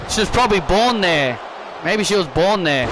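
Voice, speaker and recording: High-pitched guy doing hype play-by-play over a wrestling game, keeps restarting lines, yells on big moves, noisy background. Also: sing-song, unhurried. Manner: frequent restarts and self-corrections, bursts of shouting at big moves. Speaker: YouTuber commentating his own wrestling video game matches. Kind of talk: excitable play-by-play commentary over gameplay.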